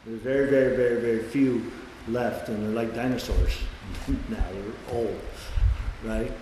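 Older man, recovery meeting speaker, blunt and casual, loud acted-out quotes, booming long reverb of a large hall. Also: fairly even intonation, unhurried, slight background noise. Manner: blunt, swears casually, acts out quotes loudly. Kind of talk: personal testimony talk. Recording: echoey hall with faint ambience.

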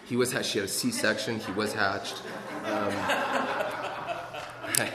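Earnest halting man in an echoey hall. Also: fairly low pitch, fairly even intonation. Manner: earnest, halting, many restarts and repeated words. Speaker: recovery speaker sharing his story. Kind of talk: personal testimony talk. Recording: echoey hall, faint room noise.

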